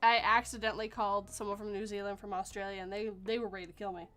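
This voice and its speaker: A woman's voice: medium pitch, level tone, fast talker, a crowd in the background. A woman from Canada hosting a casual roundtable podcast chat, playful and laughing often. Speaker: podcast host.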